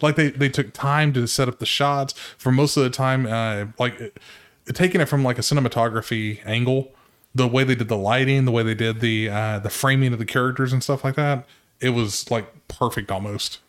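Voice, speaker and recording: Relaxed, hesitant podcast man. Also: medium pitch, moderate pace. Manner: relaxed, hesitant, many fillers. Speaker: podcast co-host. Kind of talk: casual chat.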